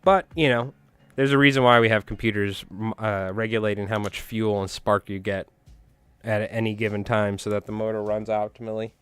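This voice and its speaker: Soft background music accompanies a man hosting a fly tying live stream, who talks casually with chat and rambles through anecdotes with frequent chuckles. His voice is on the low side and steady, fairly quick, with a clean tone.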